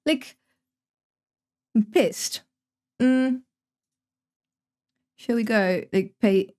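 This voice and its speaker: Slow, higher-pitched young woman streamer. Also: a little mellow. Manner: chatty, swears freely, thinks aloud. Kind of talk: casual live-stream commentary while gaming.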